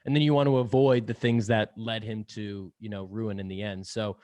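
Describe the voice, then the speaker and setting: A man's voice: on the low side, steady tone, normal speed, a little mellow, dry recording. A young man speaking as a podcast guest in casual interview chat, rambling with lots of fillers, laughing often and swearing casually. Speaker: podcast guest, sales podcast host.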